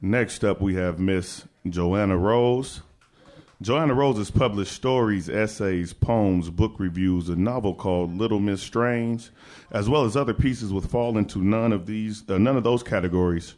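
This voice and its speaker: Low-voiced man hosting a live event. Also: darkish tone. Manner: upbeat, reads the next speaker's bio. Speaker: event host. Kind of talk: introducing speakers. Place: stage before a live audience.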